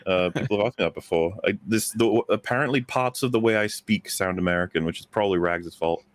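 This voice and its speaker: A man's voice: low voice, quick pace, no room sound. A man with a Welsh accent, a guest on a panel stream, joking and teasing his friends. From Britain. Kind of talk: casual chat.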